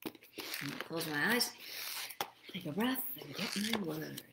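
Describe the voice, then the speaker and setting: A middle-aged woman giving spirit readings on a live stream, unhurried and soothing as she thinks aloud. Her voice sits fairly low with a gravelly edge. The room around her is roomy and echoey. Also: lively intonation, very noisy. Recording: roomy echo.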